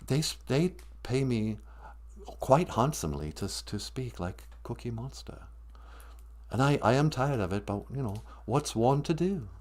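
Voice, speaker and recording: A man voicing a male monster who drops the act to speak in a refined, halting, world-weary way. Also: medium pitch, expressive, darkish tone, close to an everyday voice.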